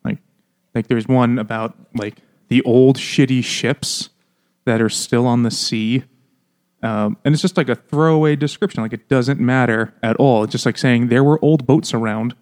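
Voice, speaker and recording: A man's voice: medium pitch, steady tone, moderate pace, darkish tone. A man co-hosting a book podcast, chatting casually and joking, with lots of "like" fillers. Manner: joking, rambling, many "like" fillers. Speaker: podcast co-host. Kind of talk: casual chat.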